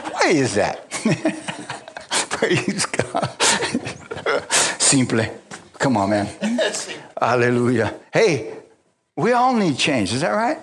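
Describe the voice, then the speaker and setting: A man preaching to his congregation with a somewhat high voice. He peppers scripture with hallelujahs and call-outs, chuckles through his own stories, and drops from loud exclamations to quiet asides. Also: slight background noise. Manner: chuckles often while telling personal stories. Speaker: pastor. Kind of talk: sermon.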